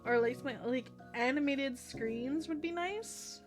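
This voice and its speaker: A woman's voice: high voice, measured pace, over music. A woman VTuber streamer chatting casually at home. She rambles, with lots of fillers and restarts. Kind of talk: casual chat while streaming. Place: home room with her cat. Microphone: desk streaming mic.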